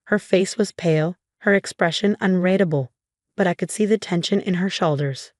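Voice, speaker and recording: A young adult woman narrating a dramatic first-person story in a steady, scripted way. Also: on the low side, normal speed, dry recording, clean studio sound.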